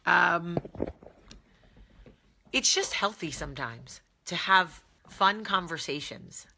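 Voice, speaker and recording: Jersey woman host, bright forceful voice, blunt and jokey, casual live chat. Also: on the low side, lively intonation, slow pace, gravelly. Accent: New Jersey. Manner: candid, jokey, blunt, sometimes profane.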